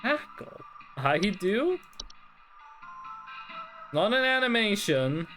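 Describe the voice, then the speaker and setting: A streamer mulls over a puzzle out loud in a slow, deliberate way, swinging widely in pitch and swearing now and then. Faint game music plays underneath. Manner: thinking aloud, animated, swearing. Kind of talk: live game stream commentary.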